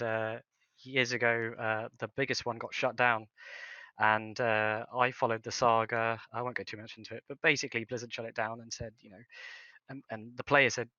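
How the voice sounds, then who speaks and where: A man with a bright but flat, level voice chats casually as a podcast co-host. His relaxed telling comes through a dry, dull, lo-fi recording. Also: mid-range voice, dry recording. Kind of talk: casual chat.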